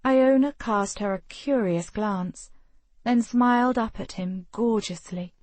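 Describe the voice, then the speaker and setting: A woman narrating a romance audiobook in an even, expressive reading. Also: on the high side, takes it slowly, no echo. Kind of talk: scripted narration.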